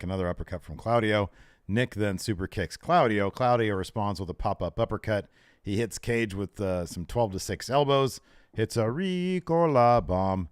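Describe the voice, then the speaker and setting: Deep-voiced man bantering and laughing. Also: no echo, studio quality. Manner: laughs often, playful banter. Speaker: podcast co-host. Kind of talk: casual wrestling recap chat.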